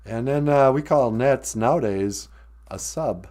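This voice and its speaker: A man with a low, dry, deadpan delivery hosts a comedic podcast. He speaks slowly and unhurriedly, sounding flat and unimpressed. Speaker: podcast host and language teacher.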